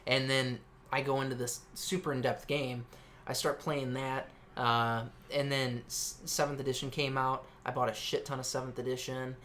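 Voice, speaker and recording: Bright-voiced man rambling casually. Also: mid-range voice, level tone, normal speed, a little hiss or hum. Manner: rambling, swears often, many fillers. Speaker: co-host. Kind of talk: casual podcast chat.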